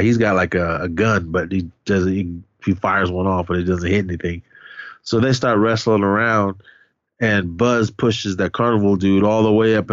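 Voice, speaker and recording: Man with a lowish voice, casual podcast co-host, animated rambling film recap, dry lo-fi sound. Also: no echo. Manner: rambling, animated retelling with voiced reactions and cursing. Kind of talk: casual chat.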